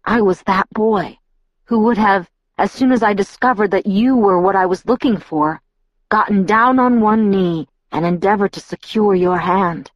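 A soft-spoken young male vampire with old-fashioned manners, voiced by a woman reading an audiobook. He speaks in a low, measured, formal way. The sound is dry and slightly muffled. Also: dry recording, close to an everyday voice. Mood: earnest. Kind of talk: audiobook character voice. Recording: dull lo-fi audiobook recording.

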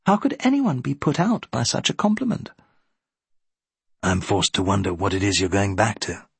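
A man's voice: lowish voice, huge pitch swings, moderate pace, creaky, breathy edge, no echo, heavily acted. A man voicing a spirited young widow in a period story, light and teasing in manner. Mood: warm.

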